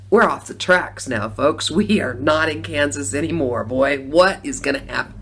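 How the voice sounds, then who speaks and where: A middle-aged woman, a former Democrat voter, tells her personal story casually in a low voice at normal speed with few pauses. She laughs often and acts out her own reactions, with slight background noise behind her.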